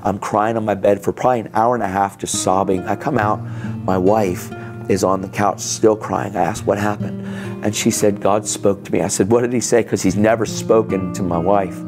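A man with a fairly low voice shares a testimony from a church stage. He talks casually and with energy, acting out the others in the story, while soft music plays beneath him. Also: steady tone, moderate pace. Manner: casual, drops in "man" and "dude". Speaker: guest speaker telling a testimony. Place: church sanctuary.

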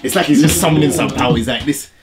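A man's voice: mid-range voice, rapid-fire, loud music behind the voice. A man giving casual reaction commentary on a song in slangy, laid-back chatter. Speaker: reaction video host.

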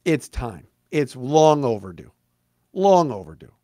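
A man's voice: medium pitch, big pitch swings, measured pace, warm tone, no room sound, clean studio sound. A middle-aged man hosting a sports podcast, delivering a blunt, emphatic, sarcastic monologue. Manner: blunt, emphatic, sarcastic, mocks fans in put-on voices.

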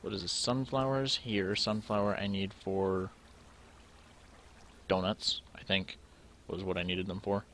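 A man's voice: low voice, level tone, measured pace, long pauses, a bit bright, slight background noise. A young man thinking aloud to himself as he plays through a game, in casual commentary. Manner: thinking aloud, musing to himself while sorting items. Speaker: let's play gamer.

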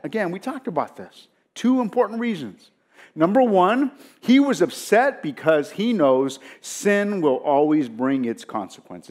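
A male pastor delivers a sermon in a fairly high voice that swings up and down with lively expression. He preaches emphatically and keeps turning to the congregation with rhetorical questions.

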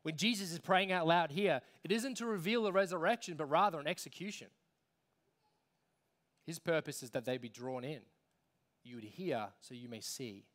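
A man with an Australian accent preaching a sermon as pastor, emphatic, with dramatic pauses. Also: on the high side, a bit bright.

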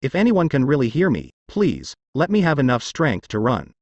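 A man's voice: mid-range voice, wildly swooping pitch, moderate pace, darkish tone, no echo, lo-fi sound. A man reading a wounded young man pleading weakly. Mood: desperate. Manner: weak pleading voice. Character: badly wounded young man fleeing, desperate.

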